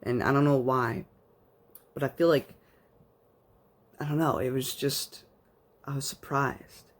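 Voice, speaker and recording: A man's voice: medium pitch, fairly even intonation, measured pace. A man giving a casual spoken book review, rambling like an enthusiastic fan with plenty of fillers.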